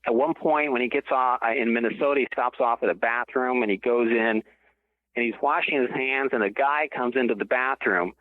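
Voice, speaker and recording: A man's voice: mid-range voice, a little fast, dry recording. A man, a guest author on an interview show, tells a long story and often stops to correct himself mid-sentence. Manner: rambling, self-correcting storyteller. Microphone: telephone. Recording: tinny dry phone line.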